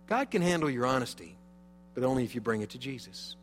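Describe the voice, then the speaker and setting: A male pastor preaching a sermon, emphatic, swinging from loud to hushed. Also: medium pitch, lively intonation, brisk, long reverb tail. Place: church sanctuary.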